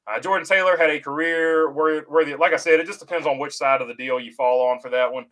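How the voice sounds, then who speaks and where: A man's voice: a little high, steady tone, a bit bright, low-quality recording. Easygoing man hosting a chat stream. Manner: halting, frequent "uh" fillers and restarts; easygoing, reassuring to viewers. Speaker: host reading viewer comments. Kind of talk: casual livestream chat about racing.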